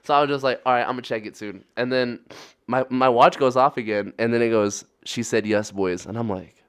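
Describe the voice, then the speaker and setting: A man's voice: mid-range voice, fairly even intonation, a little fast, a bit bright, clear, resonant tone. A young man co-hosting a casual podcast chat, telling a story in a laid-back way. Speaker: podcast co-host.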